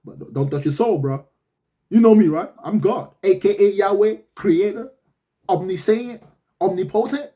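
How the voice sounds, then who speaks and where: A man's voice: high voice, moderate pace, warm tone, close to an everyday voice. A man voicing a laid-back, boastful male God who talks in street slang.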